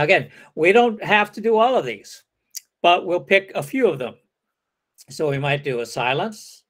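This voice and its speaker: A man's voice: a little high, fairly bright tone. A man leading an interactive teacher-training lecture, calling on participants and acting out hesitant replies. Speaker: workshop lecturer.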